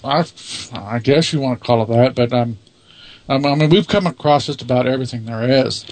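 A man's voice: medium pitch, a little fast, no room sound. Dry, matter-of-fact man leading a ghost team. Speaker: paranormal investigation team leader. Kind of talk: casual interview answers.

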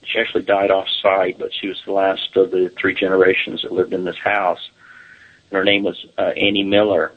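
A man guest on a paranormal talk show, describing investigations in a relaxed, halting way with many fillers. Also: low-pitched, slightly rough, narrow, tinny audio. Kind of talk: casual interview talk.

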